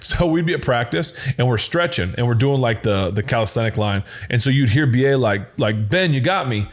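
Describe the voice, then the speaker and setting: A man in his forties hosting a casual chat show, telling animated stories and acting out the voices of coaches and teammates. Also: mid-range voice, fairly quick. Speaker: podcast host.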